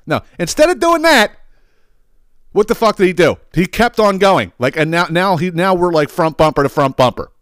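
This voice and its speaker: A man hosting a podcast, telling a long, profane, animated rant full of restarts. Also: high voice, fairly quick, hardly any pauses, no echo, clean studio sound. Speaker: podcast host. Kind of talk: ranting storytelling.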